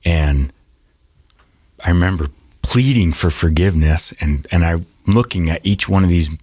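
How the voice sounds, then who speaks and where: A man telling a personal story as a podcast guest, speaking haltingly and often repeating and restarting his words. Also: sits low, a little mellow, no echo, clean studio sound.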